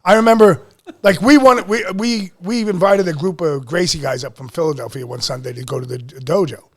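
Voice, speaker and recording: A middle-aged man from Pennsylvania hosting a podcast, telling a story in a casual, animated, profane way and acting out what people said. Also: fairly high pitch, fairly quick. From Lehigh Valley, Pennsylvania. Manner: animated, profane storyteller who acts out quotes. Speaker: podcast host.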